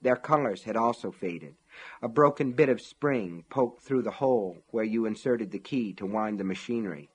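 A man narrating an audiobook in a measured, steady storytelling voice. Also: fairly low pitch, breathy edge.

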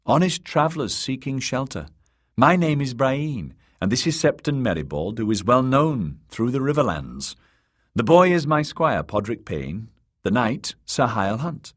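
A man voicing an earnest young woman warrior, in formal, steady audiobook dialogue. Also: medium pitch, a little slow, voice pushed up. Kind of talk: audiobook character voice.

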